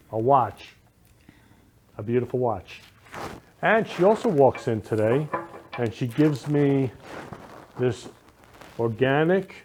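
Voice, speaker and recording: A man's voice: medium pitch, a little mellow. A man hosting a casual talk show, gushing and sentimental, showering guests and viewers with affection. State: emotional, near tears. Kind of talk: casual live show chat.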